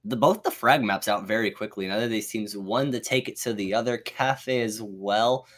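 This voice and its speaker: A man's voice: fairly low pitch, normal speed. Playful, joking male esports co-caster. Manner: playful and joking, rambling with fillers. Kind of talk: live esports commentary.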